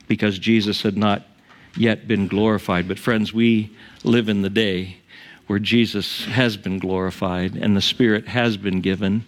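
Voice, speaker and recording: A male pastor preaching a sermon in church, tearful and emotional, his voice rising high on emphatic lines. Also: steady tone, a little slow.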